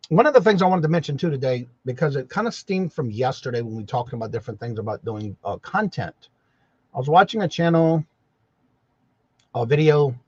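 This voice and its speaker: Casting: male stream host, lively sing-song greetings, dry lo-fi sound. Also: fairly high pitch, slightly rough, dry recording. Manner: greets viewers by name with a repeated welcome; rambling, folksy, self-correcting. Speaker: livestream host. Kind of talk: casual live-chat morning show.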